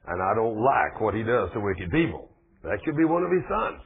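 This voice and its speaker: A man's voice: on the low side, very animated, normal speed, vocal fry, husky. A man preaching a folksy sermon, asking his congregation questions. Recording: tinny phone-like radio broadcast.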